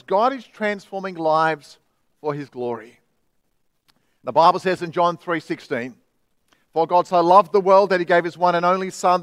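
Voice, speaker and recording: A man's voice: high-pitched, no echo. A middle-aged man with an Australian accent, preaching an earnest, emphatic sermon as pastor.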